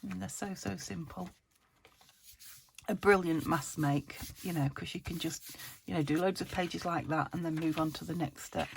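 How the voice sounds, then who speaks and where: Woman from the UK, craft channel host; lowish, gravelly, slightly croaky, chatty thinking-aloud delivery with faint background noise. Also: moderate pace. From United Kingdom. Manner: chatty, self-chiding, thinks aloud while working. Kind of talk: casual craft tutorial chat.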